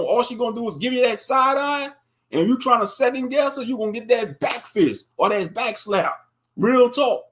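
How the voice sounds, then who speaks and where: A man hosting a late-night commentary stream, talking bluntly and profanely with lots of emphasis. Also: high voice. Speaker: live stream host.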